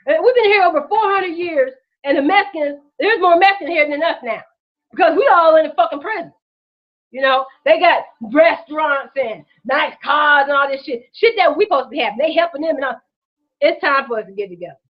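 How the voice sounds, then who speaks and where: A woman's voice: high-pitched, lively intonation, brisk, muffled recording. A woman hosting her own vlog, ranting with raw emotion, profane and repetitive, while holding back tears. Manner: profane, repetitive, impassioned street-talk rant. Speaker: vlog host.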